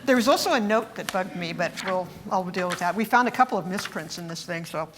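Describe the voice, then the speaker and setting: A woman teaching a masterclass, coaching a chamber group with warm praise and short instructions between playing. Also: lowish voice, expressive, fast talker, background noise. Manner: encouraging, praising often. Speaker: harp teacher leading a masterclass. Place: rehearsal room with instruments.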